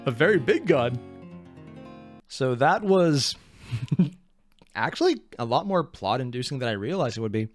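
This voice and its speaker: A man's voice: medium pitch, sing-song, measured pace, pauses often, no echo, soft background music. A man hosting a reaction video, rambling in a casual, self-deprecating way.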